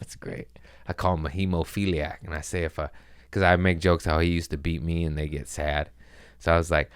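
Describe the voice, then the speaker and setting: A man's voice: low voice, flat delivery, fairly quick, fairly bright tone, clear, resonant tone, dry recording, clean studio sound. A man hosting a podcast, rambling through a profane, self-mocking comedic monologue in casual chat. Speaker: podcast host.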